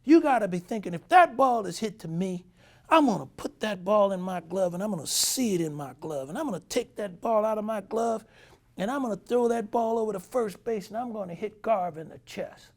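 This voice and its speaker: A man impersonating a furious, foul-mouthed older baseball manager who scolds his team in a loud, gravelly voice. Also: sits high, animated, fairly quick, voice pushed up. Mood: ranting. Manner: yelling, scolding.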